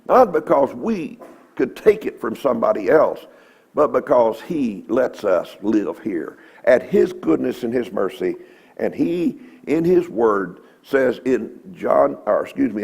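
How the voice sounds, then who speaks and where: A man's voice: on the low side, gravelly, darkish tone, husky. A man giving a folksy, emphatic Bible lesson in a church, quoting scripture. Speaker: Bible teacher.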